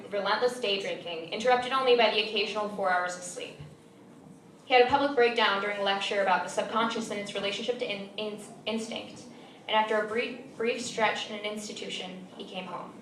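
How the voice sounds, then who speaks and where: A young woman reading her own short story aloud at a live event, in a measured, dry storytelling manner. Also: mid-range voice, fairly bright tone, a little hiss or hum. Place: small venue. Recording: roomy, distant mic with faint ambience.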